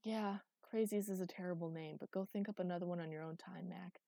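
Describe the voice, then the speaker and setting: A man's voice: sits high, steady tone, brisk, vocal fry, dark tone, no room sound. A woman reading the lines of an agitated male official in an audiobook, in a dry recording. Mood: exasperated. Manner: agitated, exasperated. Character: tense, irritated male government official.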